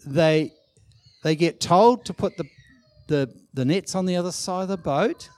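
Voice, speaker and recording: A man preaching a sermon, emphatic and animated, acting out quoted lines. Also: on the high side, measured pace. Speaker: pastor.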